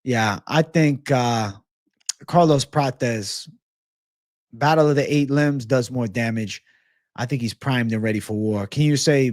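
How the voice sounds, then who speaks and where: A man's voice: mid-range voice, unhurried, darkish tone, no room sound, clean studio sound. A man hosting a livestream of fight picks and betting odds, brash and profane, thanking donors and urging likes. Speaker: MMA betting livestream host.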